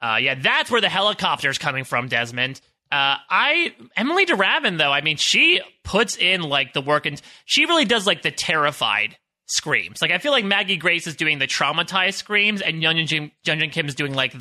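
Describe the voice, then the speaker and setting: A man's voice: on the high side, very animated, normal speed, few pauses, bright, forceful tone. A man co-hosting a podcast, chatting in a playful, enthusiastic way. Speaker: podcast co-host. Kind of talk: casual podcast chat.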